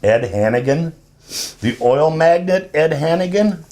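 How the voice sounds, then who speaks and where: A man's voice: a little high, animated, a little slow, dark tone. An actor playing a folksy, exasperated middle-aged country man in a comic radio soap. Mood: concerned.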